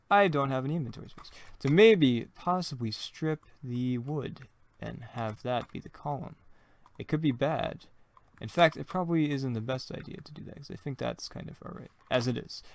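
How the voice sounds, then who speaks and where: A young man hosting his own gaming channel, chatting casually and thinking aloud as he plays, with self-mocking jokes and plenty of rambling asides. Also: medium pitch. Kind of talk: casual let's-play commentary.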